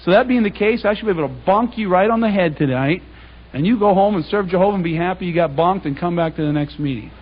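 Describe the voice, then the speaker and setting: A man delivers a talk to a congregation in an animated, conversational way, retelling scripture in plain everyday speech. His voice sits high and sounds somewhat husky. The recording is dull and lo-fi. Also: quick pace. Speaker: public speaker.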